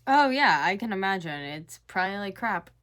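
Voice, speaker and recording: A woman's voice: medium pitch, lively intonation, normal speed, fairly bright tone. A woman in her twenties hosting a reaction video, chatting casually, blunt and swearing now and then. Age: 20s.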